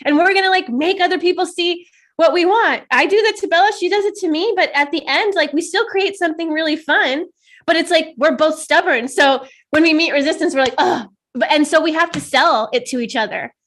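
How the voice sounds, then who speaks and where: A woman co-hosting a casual chat, animated and quick to laugh, acting out quoted dialogue and swearing casually. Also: very high-pitched. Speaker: podcast co-host.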